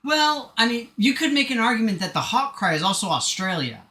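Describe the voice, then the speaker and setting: A man talks his way through a game on a live stream. His voice is bright and forceful, and it swings up and down a lot as he rambles and pokes fun at himself. The room is echoey, with game music running behind him. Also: extremely high pitch, very animated, a little fast. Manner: rambling, joking and self-mocking. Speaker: gaming streamer. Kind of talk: casual live-stream chat while playing.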